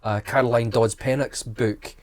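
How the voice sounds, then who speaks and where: A man's voice: medium pitch, fairly even intonation, normal speed. A Scottish man, a historian, chatting casually on a podcast with dry, teasing humour. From Scotland. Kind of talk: casual conversation.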